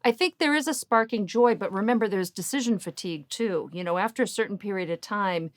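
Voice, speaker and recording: A woman's voice: medium pitch, brisk, no echo. A woman from Boston with a Boston accent, a coach chatting playfully on a podcast. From Boston, USA. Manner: playful and chatty, full of compliments. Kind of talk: casual podcast chat.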